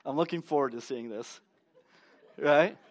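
A man's voice: medium pitch, unhurried. A male pastor preaching a sermon to a congregation in a church, playful and acting out the voices of the characters as he goes.

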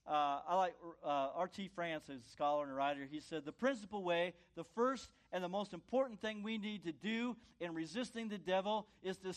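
A man preaching a sermon as a pastor, earnest, repeating phrases and rising to loud commands. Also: high voice.

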